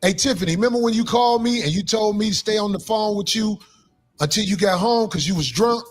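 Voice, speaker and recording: A man ranting loudly and profanely in a sing-song way, talking with his podcast co-hosts. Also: high-pitched, fast talker, soft background music. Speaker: comedian. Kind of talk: angry rant.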